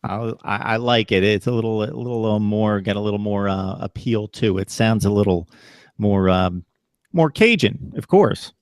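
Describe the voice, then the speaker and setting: A man hosting a college football talk show, speaking casually with many pauses and fillers. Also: fairly low pitch, smooth, no echo, studio quality. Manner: hesitant, full of pauses and fillers. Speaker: host.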